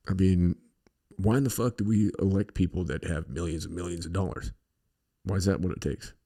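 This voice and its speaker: A middle-aged podcast host from the western United States speaks in a low, mellow voice. In a casual monologue, he tells meandering stories full of profanity and filler words.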